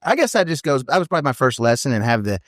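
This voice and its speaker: A man in his thirties, a professional team roper, telling stories in a casual, animated podcast interview and often tacking on "you know what I mean". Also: medium pitch, racing, no echo, clean studio sound.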